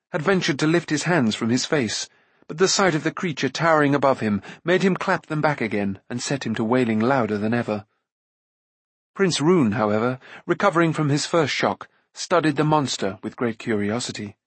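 A man with a husky voice narrating a fantasy novel in expressive, measured storytelling. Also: mid-range voice, no echo. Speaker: audiobook narrator.

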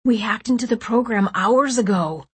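A woman's voice: on the high side, normal speed, slightly rough, pitched above the performer's own voice. A woman voicing a frightened, pleading teenage boy in an audiobook, speaking raised and urgent. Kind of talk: audiobook character voice.

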